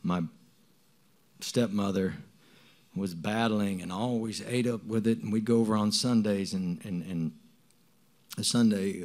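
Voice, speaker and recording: A man in middle age speaks to a church congregation in a somewhat low voice. His testimony comes out earnest and unpolished, full of restarts and repeated words as he works through his thoughts. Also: darkish tone. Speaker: church member giving testimony.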